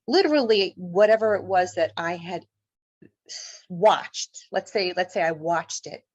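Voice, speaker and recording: A woman with a low-set voice tells her story as a guest in an interview, vividly and with feeling, and acts out what people said. The sound is dry and close, a bit muffled, as on a remote call. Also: no room sound. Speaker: author and paranormal investigator, guest.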